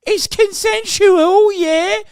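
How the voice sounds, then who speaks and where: A man voicing a loud, mocking young English lad with a put-on English accent, shouting in an exaggerated, taunting way. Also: very high voice, slow pace, dry recording, studio quality, pitched above the performer's own voice, full character voice.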